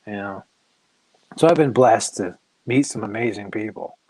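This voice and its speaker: A middle-aged man, a comic creator, telling casual anecdotes in an animated way and acting out other people's voices. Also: on the low side, normal speed, poor audio. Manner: animated, acts out quoted voices.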